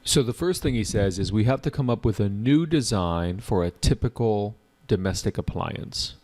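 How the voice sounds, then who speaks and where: A man with a fairly low voice runs an exam preparation lesson. He explains answers in a casual, chatty way and talks straight to his viewers. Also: animated, moderate pace, darkish tone. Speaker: IELTS teacher. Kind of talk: online exam prep lesson.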